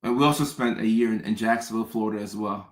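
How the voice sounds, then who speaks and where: A man's voice: fairly low pitch, fast. Chatty man in an echoey room. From American South. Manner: chatty, storytelling, repeats words and restarts. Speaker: host. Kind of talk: casual chat.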